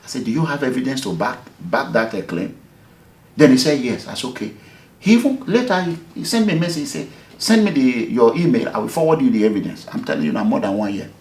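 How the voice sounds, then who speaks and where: Animated Nigerian man with an echoey sound. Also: medium pitch, fast talker. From Nigeria, Edo State. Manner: animated, emphatic, acts out the dialogue. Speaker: activist, movement leader. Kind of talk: interview, telling a story. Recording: echoey room.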